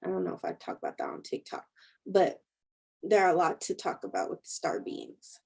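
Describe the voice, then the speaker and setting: Chatty woman spiritual teacher, mellow voice. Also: on the low side, huge pitch swings, moderate pace, creaky, slightly rough, poor audio. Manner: chatty storyteller, laughs often. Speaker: spiritual teacher and intuitive healer. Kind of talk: casual livestream chat answering viewers.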